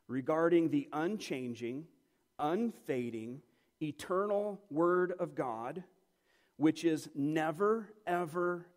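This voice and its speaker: A man with a high voice delivers a sermon from the pulpit. He teaches with emphasis and stacks phrase on phrase as his passion builds. His voice rings with a long reverb in a church sanctuary. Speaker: pastor.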